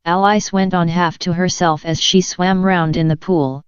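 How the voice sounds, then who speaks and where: A woman narrating a children's audiobook in a gentle, measured storytelling manner. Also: on the low side, fairly even intonation, clear, resonant tone, no echo. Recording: dull lo-fi dry recording.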